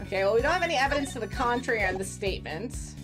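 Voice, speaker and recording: A woman's voice: on the high side, lively intonation, rapid-fire. A woman streaming a game, chatting casually and coaxing along as she plays, with game music underneath. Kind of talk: casual gameplay commentary.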